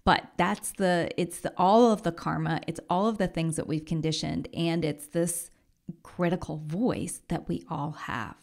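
Soft-spoken woman podcast host, gravelly low voice. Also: steady tone, measured pace. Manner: gentle, encouraging, often drops to a soft whisper. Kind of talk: reflective solo podcast talk.

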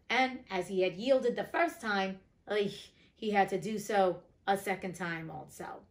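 Lady reading a fairy tale aloud, cuts in with sassy cussing asides, middle pitch that jumps way up when she gets worked up. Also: a little slow, hardly any pauses. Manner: blunt, profane, indignant asides. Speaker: audiobook reader and host.

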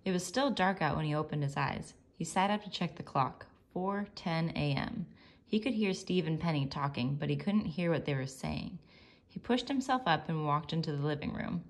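A woman teacher reading a chapter of a novel aloud to her class in a calm, measured way. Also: low voice. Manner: calm, measured, soft-spoken narration.

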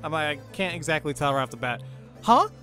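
A man hosting a let's play, reading a visual novel aloud with excitable, cursing commentary. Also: fairly high pitch, a little fast, soft background music. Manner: excitable, swears and exclaims at the game.

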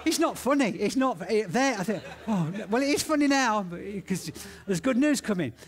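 A man telling stories in a sermon, animated and excitable, with lots of restarts and repeated words. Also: high-pitched, normal speed. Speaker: preacher. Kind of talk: sermon storytelling.

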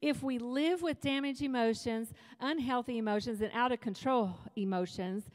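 Her voice sits on the high side, slightly mellow, at a normal speed, with a long reverb tail behind it. The setting is a church hall where she preaches a sermon at a women's retreat, chatting loosely with listeners and joking through her asides.

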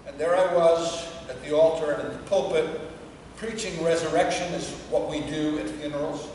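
A woman priest giving a conversational sermon to a congregation, dropping to a hush when she tells a story. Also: low voice, fairly even intonation, normal speed, a little hiss or hum. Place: church before a congregation. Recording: echoey church from far off.

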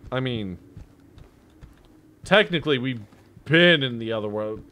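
A man's voice: mid-range voice, expressive, moderate pace, pauses often, a little hiss or hum. A young man playing a horror game for his channel, joking with the characters and swearing at jump scares. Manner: jokey, reactive, talks to the game characters; swears and jumps between loud outbursts and muttering. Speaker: gaming YouTuber. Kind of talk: horror game let's play commentary.

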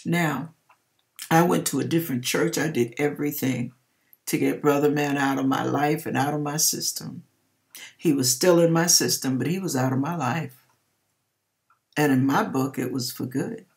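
A woman with a slightly low-pitched voice shares a personal faith testimony. She tells it in an emphatic, expressive way, with church-style exclamations throughout. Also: normal speed, vocal fry. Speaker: hairdresser sharing a personal testimony.

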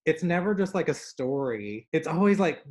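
A man's voice: a little high, normal speed. A young man from the American South with a Southern accent, an artist talking casually on a video call, telling stories animatedly with lots of fillers. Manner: animated storyteller, many fillers. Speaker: artist guest. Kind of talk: casual conversation.

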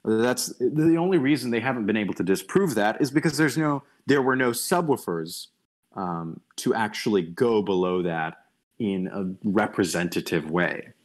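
Speaking through a computer microphone on voice chat, a relaxed young lecturer with a lower-pitched voice delivers a casual online talk. He's halting, restarting often and dropping ums as he thinks aloud, with opinionated asides along the way.

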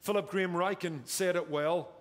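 A man's voice: sits high, steady tone, moderate pace. A man preaching a sermon as pastor, emphatic and drawing out key words for effect, recorded in a church sanctuary. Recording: church hall with long reverb.

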